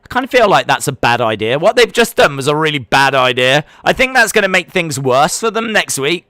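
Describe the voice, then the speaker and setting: A man hosts a live wrestling watch-along and calls the action in a crisp, forceful voice pitched a little above most men's. Between the bursts of play-by-play he answers chat questions in a loose, rambling way. The sound is dry and close. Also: very animated, fairly quick, dry recording. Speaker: live-stream reaction host.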